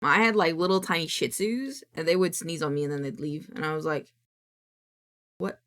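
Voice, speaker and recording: A woman's voice: low voice, brisk, fairly bright tone. A woman VTuber streamer in casual live-stream chat, chatty and swearing freely as she coos at her cat.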